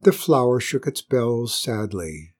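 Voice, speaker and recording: Lively, husky woman reading a storybook. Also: a bass voice, slow. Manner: gentle, wry asides. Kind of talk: storybook narration.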